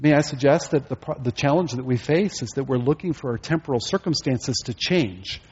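Male pastor, sermon delivery with rhetorical questions, slightly husky, muffled recording. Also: mid-range voice, a little fast, a little mellow.

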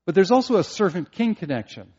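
A man preaching a sermon as a pastor, earnest, at times rising to emphatic preaching and at times dropping quiet. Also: sits high, very animated, fast talker, slightly rough, lo-fi sound.

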